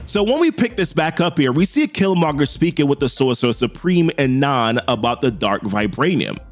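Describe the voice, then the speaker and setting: Lively, chatty man recapping a comic. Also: medium pitch, normal speed, faint music behind. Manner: animated, chatty, laughs and asks viewers for comments. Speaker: comic book recap host. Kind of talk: casual comic story recap.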